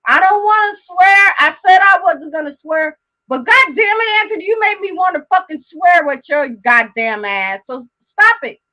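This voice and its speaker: A woman hosting her live stream in a very high, sharp voice. She rants heatedly and with lots of swearing, hammering her points home by repeating them. Her pitch swings widely as she talks. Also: rough recording. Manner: heated, profane, emphatic, repeats herself. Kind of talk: casual live stream rant.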